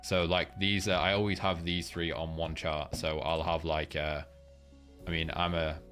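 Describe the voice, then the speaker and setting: A man's voice: low voice, level tone, normal speed, a bit bright, soft background music. A young man hosting a casual live market breakdown, rambling loosely, swearing freely and filling gaps with ums while he reads chat. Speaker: trading livestream host.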